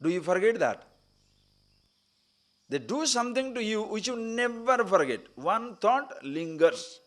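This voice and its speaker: A man teaching at a retreat camp, his fairly high voice rising and falling widely as he tells stories. He acts out the speakers in his tales with feeling. Faint crickets and outdoor noise sit behind him. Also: unhurried. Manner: animated storytelling, acting out quoted speakers. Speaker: spiritual teacher. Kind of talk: spiritual discourse.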